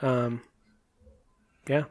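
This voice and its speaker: A young man co-hosting a casual podcast, talking in a relaxed, rambling way about games. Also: mid-range voice, extremely slow. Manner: relaxed, rambling, many fillers. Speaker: podcast co-host.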